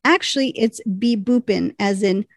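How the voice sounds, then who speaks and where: A chatty woman co-hosting a fan podcast, reading listener emails aloud and laughing along. Her voice sits at a middling pitch. It is recorded close and dry, with no room sound. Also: normal speed, dry recording. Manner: chatty, reads letters with bursts of laughter. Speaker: podcast co-host.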